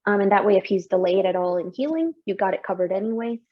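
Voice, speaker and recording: A young woman telling her story as a mother in an interview, emotional and lively, laughing often as she talks. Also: mid-range voice, fast talker, lo-fi sound. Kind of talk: candid personal story.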